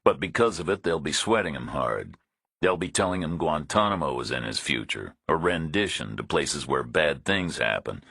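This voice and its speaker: A male audiobook narrator voicing a blunt, tough hero who talks in a flat, matter-of-fact way. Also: rumbling low, normal speed, vocal fry, breathy edge, no room sound, studio quality, heavily acted. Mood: threatening. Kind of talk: audiobook character voice.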